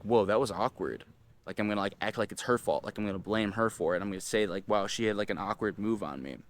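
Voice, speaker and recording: A young man telling a personal story casually, full of filler words and slang, swinging between low mumbled asides and loud excited outbursts. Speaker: host.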